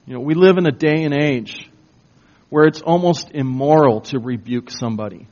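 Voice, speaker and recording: A man preaching a sermon as pastor, slow and emphatic, building to intense bursts. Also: mid-range voice, a little mellow. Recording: dull lo-fi recording.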